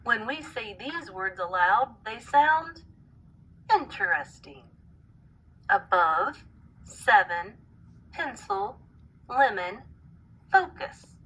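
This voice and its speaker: A woman's voice: on the high side, big pitch swings, drawn-out words, long pauses, a bit bright, husky, muffled recording, exaggerated voice. A woman voicing the letter N in a storybook, careful and explanatory. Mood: thoughtful. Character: thoughtful letter N, storybook character.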